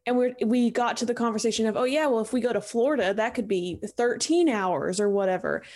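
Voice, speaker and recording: A woman's voice: fairly high pitch, a little fast, darkish tone. A young woman co-hosting a podcast, asking questions and chatting in a friendly, conversational way. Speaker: podcast co-host. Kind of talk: casual podcast interview.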